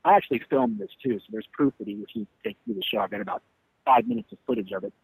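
A man tells a tour story in an interview, swearing freely and playing out each line of the argument. His voice sits a little high for a man. The sound is dry and close, with no room around it. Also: racing, gravelly, breathy edge, dry recording, rough recording. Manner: animated, profane, acts out quotes. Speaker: band leader telling a tour story.

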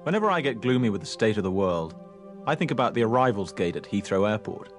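Reflective British prime minister narrating. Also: male voice, on the low side, sing-song, fast. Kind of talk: film voice-over narration. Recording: film clip with faint music underneath.

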